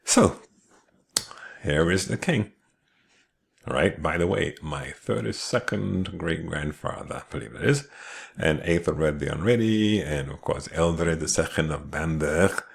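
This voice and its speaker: A man with a London accent and an extremely low, deep voice talks through slides in a casual way. He keeps up a chatty flow, throwing in joking asides and quick tag questions to the listener. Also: creaky. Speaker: family history presenter. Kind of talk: casual talk over slides.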